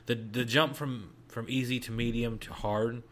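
A man's voice: mid-range voice, steady tone, moderate pace, fairly bright tone. A man co-hosting a casual gaming podcast, explaining game mechanics and dropping dry wisecracks. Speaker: podcast co-host.

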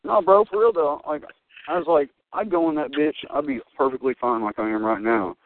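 A young man, a guest, telling rambling, profane, excitable stories full of fillers. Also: fairly high pitch, fairly quick, slight background noise. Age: young adult. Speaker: wrestling guest. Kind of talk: rambling storytelling. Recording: dry, tinny phone-like line.

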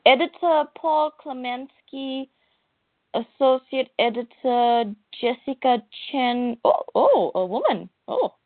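A woman co-hosting a podcast who chats casually and tosses in dry asides. She speaks slowly, in a slightly high voice. The sound is tinny and dry, like a phone call. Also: animated, no room sound. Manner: dry asides, laughs along. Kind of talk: casual chat.

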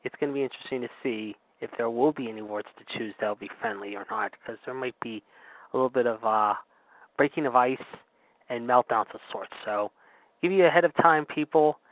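A man's voice: mid-range voice, fairly quick. A man co-hosting a wrestling podcast, talking playfully and hedging as he searches for words. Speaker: wrestling news co-host. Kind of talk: casual podcast chat. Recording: dry, tinny phone-line audio.

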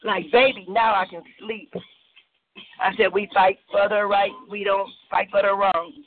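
A man's voice: high voice, little pitch movement, a little slow. A man performing a spoken word poem with a rhythmic, chanting delivery over a call line. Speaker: poet. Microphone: video call. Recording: muffled phone-like call line with faint noise.

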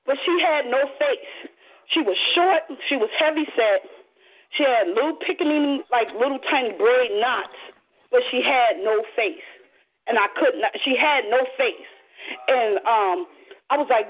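A high-voiced woman with a husky edge tells a story casually over a muffled phone line. She is animated and profane and acts out the voices of the people in her tale. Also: normal speed. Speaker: caller.

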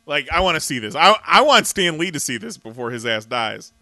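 A man running a casual comics podcast, talking in an animated, laughing way and swearing freely. His voice is bright and a bit high for a man, and it sounds close and dry. A faint mains hum sits under him. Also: fairly quick, no room sound. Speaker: podcast co-host. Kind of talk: casual chat.

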